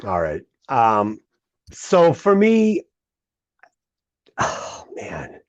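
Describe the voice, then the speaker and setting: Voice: medium pitch, very slow, no room sound, muffled recording. A podcast co-host in a casual movie review chat, swearing freely and ranting with lots of heat. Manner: profane, ranting, animated.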